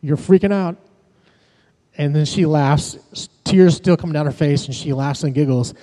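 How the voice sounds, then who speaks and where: A man's voice: on the high side, moderate pace, dark tone. A man, a pastor and worship leader, preaching a sermon in a conversational way, telling personal stories to his congregation. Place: church sanctuary. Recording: long reverb of a large hall.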